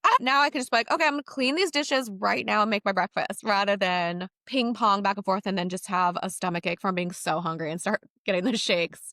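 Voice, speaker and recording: A young woman, a content creator and voice actor, chatting in a casual interview, lively and laughing often as she slips into playful voices. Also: medium pitch, dry recording, studio quality.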